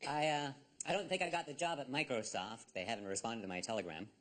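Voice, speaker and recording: A male comedian fires off one-liner puns in a deadpan way. This is a noisy live studio recording. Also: mid-range voice, fast talker.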